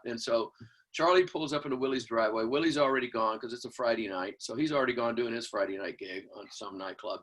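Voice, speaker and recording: A man's voice: medium pitch, quick pace. An older man from Houston, a drummer and guest, telling stories in an interview, acting out quotes and scatting drum beats. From Houston, Texas. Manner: animated storyteller acting out quotes and scat-singing drum beats. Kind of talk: storytelling interview.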